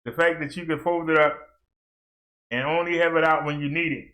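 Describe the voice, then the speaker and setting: The fitness vlogger's voice is slightly high, level in tone, pushed and bright, and he talks a little fast. He chats directly to viewers and laughs often as he works, and the room has an echo.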